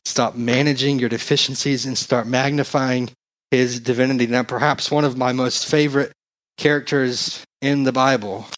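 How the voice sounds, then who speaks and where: A young adult man, a pastor, preaching a casual, slangy sermon into a handheld mic and growing more excited as he goes. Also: mid-range voice, normal speed.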